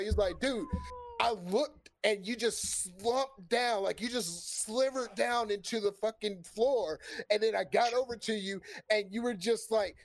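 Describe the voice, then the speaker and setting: Male storyteller, slightly high pitch, animated and profane, plays out the dialogue of his own anecdote. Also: moderate pace. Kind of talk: casual storytelling on a stream.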